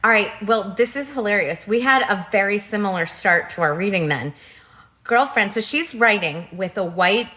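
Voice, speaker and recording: A woman co-hosting a podcast in casual chat, enthusiastic and giggly with quick reactions. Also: medium pitch, expressive, sharp tone. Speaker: podcast co-host.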